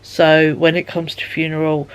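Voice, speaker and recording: A woman's voice: deep voice, level tone, normal speed, smooth. A woman chatting casually in a vlog, rambling with many fillers and sounding tired and yawning. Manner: rambling, lots of fillers and repeated "he said". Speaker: vlogger.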